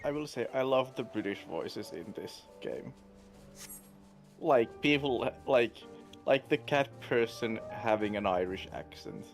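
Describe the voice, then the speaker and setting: A man's voice: mid-range voice, animated, measured pace, soft background music. A man chatting casually on a game stream, easygoing and agreeable, often repeating himself.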